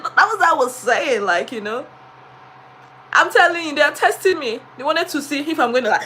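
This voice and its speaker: A woman who teaches diction and etiquette, chatting live and telling a story in an animated way, often laughing. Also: sits high, a little fast, a little hiss or hum, poor audio. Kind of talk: casual live stream chat.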